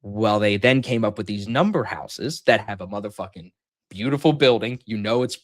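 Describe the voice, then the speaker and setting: A man's voice: lowish voice, normal speed. A man telling a long gambling story in casual chat, swearing freely and acting out what people said. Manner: animated, profane storytelling, acts out quotes loudly. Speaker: podcast host telling a story.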